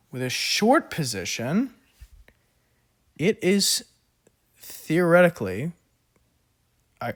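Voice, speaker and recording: A man of middle pitch tutors finance while working a problem on his tablet. He talks casually and thinks aloud, restarting and chuckling at his own slips. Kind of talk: worked-example lesson. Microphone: recording at an iPad.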